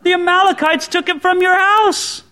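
A male pastor preaching a sermon, telling the story in an animated way and speaking straight to his congregation. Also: extremely high pitch, moderate pace. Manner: animated storytelling, addresses the listener directly.

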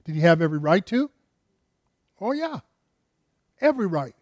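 Higher-voiced man preaching a casual sermon. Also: sing-song, moderate pace, no room sound. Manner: asks the listeners rhetorical questions; repeats words and restarts phrases. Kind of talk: conversational sermon.

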